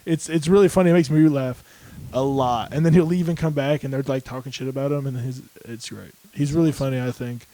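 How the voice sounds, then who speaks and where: A young man co-hosting a podcast, telling laid-back stories in casual chat and mimicking other people in higher voices. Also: fairly even intonation, fairly quick, warm tone, rough recording. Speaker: podcast co-host.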